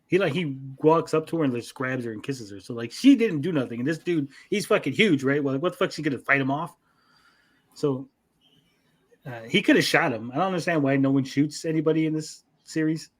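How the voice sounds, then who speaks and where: A man co-hosting an anime review chat, retelling scenes in a lively, profane way with mock voices. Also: a little high, brisk. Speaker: podcast co-host.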